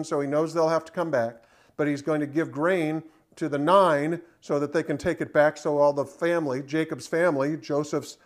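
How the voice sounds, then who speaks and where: A man leading a Bible study, reading scripture aloud and commenting in a conversational way with frequent fillers. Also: on the high side. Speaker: Bible teacher.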